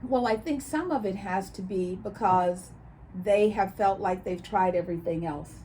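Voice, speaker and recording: A woman's voice: medium pitch, normal speed, a little hiss or hum. A woman co-hosting a casual chat show, telling stories and acting out quoted voices as she talks. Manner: animated storyteller, acts out quoted voices. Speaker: co-host.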